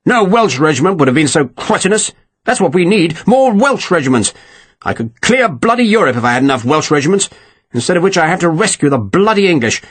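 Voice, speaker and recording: A man's voice: fairly high pitch, sing-song, fairly quick, breathy edge, voice pushed up. A man playing a furious swearing old general. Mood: angry scornful. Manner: scornful, swearing, barking. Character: foul-mouthed irate older male general.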